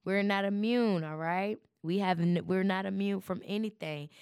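A woman's voice: mid-range voice, moderate pace, a little mellow, clear, resonant tone, dry recording, studio quality. A woman hosting her podcast in a chatty, preachy way, talking straight to her listeners. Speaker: podcast host. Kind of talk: casual chat.

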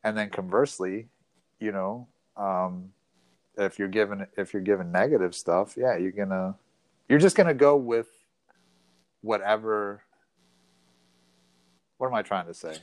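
A man with a lowish voice talking on a casual podcast, thinking out loud and feeling his way toward the point. The sound is dry and close to the mic. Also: measured pace, long pauses, dry recording. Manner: thoughtful, searching for words. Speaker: podcast co-host. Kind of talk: casual conversation.

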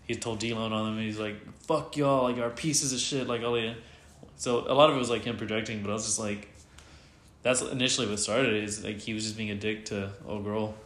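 Fast-talking man telling a story. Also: lowish voice, roomy sound. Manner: animated retelling, swears freely, quotes others in voices. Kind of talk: casual storytelling chat.

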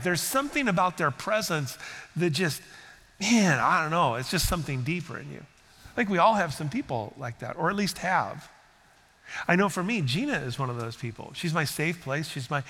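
An older man preaching in a church in an earnest, conversational sermon, sometimes acting out what people say. His voice sits slightly high. The sound carries a long, lingering reverb from a large hall. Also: sharp tone. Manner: conversational, earnest, acts out quotes. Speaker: pastor. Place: church sanctuary.

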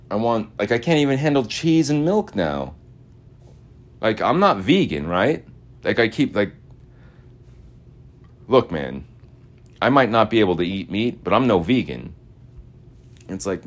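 Deep-voiced man rambling casually. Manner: slangy and meandering, full of "like" and "dude". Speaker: podcast host.

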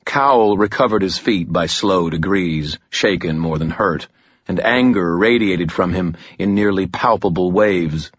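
A male audiobook narrator reads a first-person fantasy story in a deep, husky voice, tense and measured. The recording sounds dry, dull, and lo-fi.

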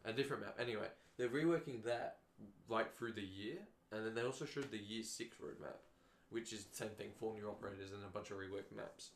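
A man's voice: lowish voice, a little fast, creaky. A man hosting a casual gaming podcast, rambling, joking and swearing freely. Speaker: podcast host. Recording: roomy sound with faint noise.

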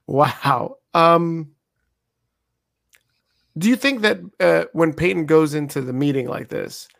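A man co-hosting a casual podcast, with a gravelly, fry-edged voice that sits a little high for a man. He tells stories and asks rambling questions, laughing often as he goes. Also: slow pace, fairly bright tone. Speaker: podcast co-host. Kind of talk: casual chat.

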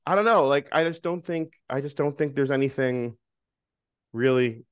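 Two or three sentences: A man on a podcast talks in a loose, rambling way, full of restarts and teasing asides. His pitch sits in the middle for a man. The room sound is dry and close. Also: normal speed, clean tone, no echo. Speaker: podcast co-host. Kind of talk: casual chat.

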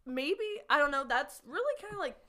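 A woman's voice: high voice, very animated, a little fast, bright, forceful tone. A young woman in her twenties telling a story in casual podcast chat. She laughs often and acts out the lines she quotes.

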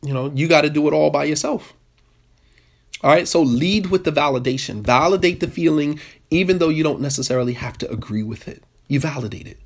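A man giving a lively, interactive talk on marriage to a group, questioning the audience and repeating points for emphasis. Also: on the high side, a little fast. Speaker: marriage workshop speaker.

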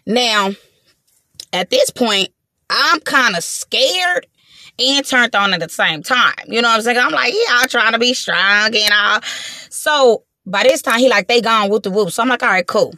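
A young woman from Watts tells a wild story in a casual, animated way, acting out the voices and swearing freely. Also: fairly high pitch, measured pace, no echo, studio quality. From Watts, Los Angeles.

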